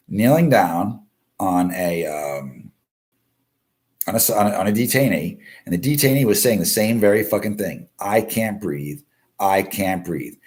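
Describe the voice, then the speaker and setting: A man's voice: sits low, darkish tone. A man hosting a casual live stream, commenting on the news in a blunt, constantly swearing rant. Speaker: live show host.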